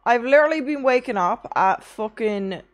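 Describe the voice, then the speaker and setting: A woman's voice: on the high side, expressive, normal speed. A young woman streaming, chatting casually with her chat, tired from little sleep, rambling through anecdotes and swearing often.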